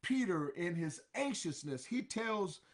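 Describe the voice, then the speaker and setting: A man's voice: high voice, expressive, a little slow. A man preaching a sermon, drawing out each scripture phrase and then repeating it in plain words.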